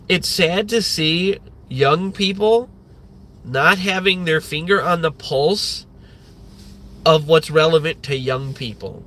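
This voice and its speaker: A man's voice: on the high side, pushed and bright. A man in his thirties hosting a livestream, ranting in a rambling way with lots of swearing and filler words. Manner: rambling, profane, many fillers. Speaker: livestream host.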